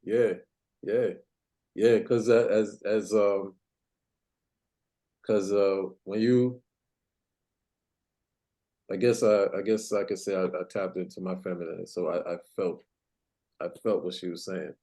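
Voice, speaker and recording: A man's voice: deep voice, steady tone, takes it slowly, long pauses, warm tone. A man co-hosting a casual podcast chat, laid-back, repeating himself and laughing a lot. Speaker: podcast co-host.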